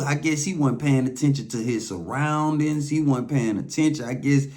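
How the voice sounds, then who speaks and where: A man with an Atlanta Southern accent telling a first-hand story casually, profane and loose, acting out quotes with lively voices. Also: mid-range voice, normal speed, hardly any pauses. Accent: Southern American, Atlanta.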